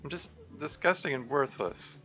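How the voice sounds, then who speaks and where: A man voicing an anxious, self-loathing teenage schoolgirl in a high, strained, tearful voice. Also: lively intonation, moderate pace, sharp tone, dull audio, soft background music. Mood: ashamed.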